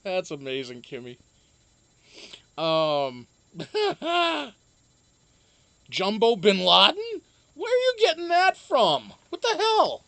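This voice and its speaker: Profane, joking livestream host with a lively voice. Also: mid-range voice, slow, creaky, long pauses, dry recording. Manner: profane, joking, laughs often, trails off with ums. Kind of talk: casual livestream chat, reading viewer comments.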